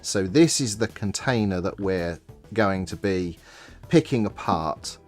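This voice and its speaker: A man's voice: deep voice, animated, darkish tone, faint music behind. A man co-hosting a livestream, talking in a casual, easygoing way. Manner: unhurried, easygoing, chuckling. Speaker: co-host of a developer livestream.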